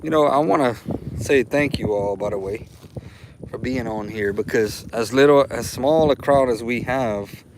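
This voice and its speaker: A man's voice: medium pitch, moderate pace, background noise. A man from Louisiana with a Louisiana accent, hosting a casual livestream, rambling and heartfelt, repeating himself as he talks. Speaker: livestream host. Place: outdoors.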